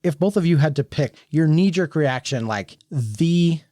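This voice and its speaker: A man's voice: on the high side, expressive, a little slow, mellow, no room sound, studio quality. A man hosting a casual board game podcast, chatty and steering the talk. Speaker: podcast host. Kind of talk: casual chat.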